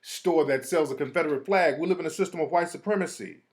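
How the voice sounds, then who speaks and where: A show host with a voice on the high side speaks at a quick pace during a casual live rant. Heated and profane, he reads text messages out loud.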